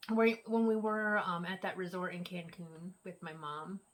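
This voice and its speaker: A woman's voice: fairly low pitch, fairly even intonation, moderate pace. A woman hosting a casual at-home vlog, chatting and teasing her partner as they answer tag questions. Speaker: vlog host. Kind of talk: casual chat.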